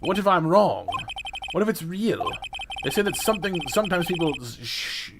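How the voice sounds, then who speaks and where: A man voicing a haunted, brooding male prosecutor who speaks low and haltingly. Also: animated, background noise. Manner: low, halting, grave delivery.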